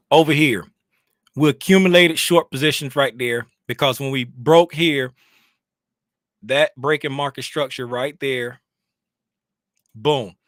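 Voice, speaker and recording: A man casually walking through a chart on a screen share, thinking out loud and talking to himself in a chatty, animated way. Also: mid-range voice, no echo, studio quality. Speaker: trading educator.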